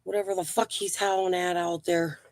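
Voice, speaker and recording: A woman's voice: fairly low pitch, flat delivery, moderate pace, a little mellow, no room sound. A woman hosting a live stream from her home, chatting casually in a rambling, blunt and profane way.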